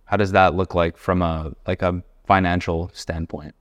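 Smooth-voiced male podcast host. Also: deep voice, level tone, moderate pace. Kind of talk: interview questions.

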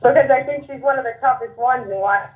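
A woman's voice: a little high, quick pace. A woman with a Long Island accent, a guest who talks in a giggly, blunt and profane way. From Long Island, New York. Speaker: guest fighter. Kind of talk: casual interview chat. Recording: tinny phone-line sound.

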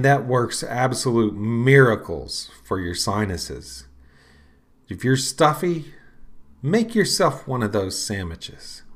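A man, middle-aged, hosting a podcast and talking casually in a rambling, unhurried way with lots of fillers. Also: mid-range voice, a bit bright. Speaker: podcast host. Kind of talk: casual solo talk.

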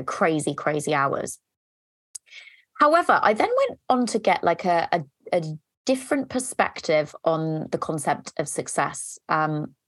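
A woman in her thirties with an English accent talks openly on her podcast, frank and confessional, dropping casual swears between fillers. Her voice sits low. The sound is dry and close. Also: a bit bright, no echo. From England. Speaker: podcast host. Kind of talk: candid personal podcast monologue.

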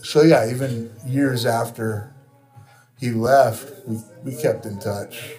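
A tattoo shop owner with a Californian accent, telling stories in casual chat, swearing freely and acting out other people's lines. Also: male voice, mid-range voice, takes it slowly, darkish tone, soft background music. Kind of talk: casual storytelling.

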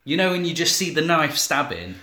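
Lively man, bright voice. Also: fairly high pitch, a little fast, roomy sound. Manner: dry quips, laughs, questions the plot. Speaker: podcast co-host. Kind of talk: casual comedic banter.

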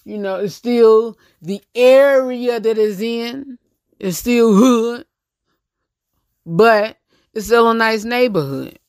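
A man's voice: very high-pitched, takes it slowly, darkish tone, clean tone, no room sound, clean studio sound. A man with a Southern US accent hosting a casual talk segment, speaking bluntly and rambling with many restarts. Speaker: host.

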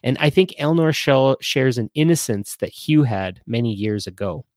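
A man's voice: mid-range voice, animated, moderate pace, a little mellow, dry recording, studio quality. A man hosting a casual live-stream chat show, rambling with lots of fillers and restarts.

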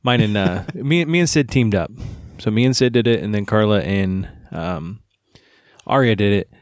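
A man's voice: lowish voice, moderate pace, no echo, clean studio sound. Rambling podcast co-host man. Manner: rambling, with restarts and fillers. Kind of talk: casual chat.

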